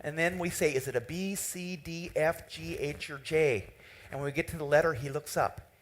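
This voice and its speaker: A man giving a conference keynote in a hall, telling a story with lively quoted dialogue. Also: fairly high pitch, moderate pace. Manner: animated, tells a story and quotes the people in it. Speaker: keynote speaker.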